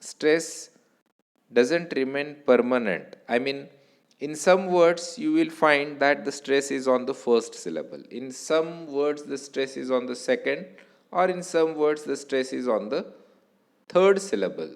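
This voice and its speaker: A man with an Indian English accent giving a recorded lecture, explaining slowly and deliberately and repeating key points. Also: medium pitch, gravelly. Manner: slow, deliberate teaching with repetitions.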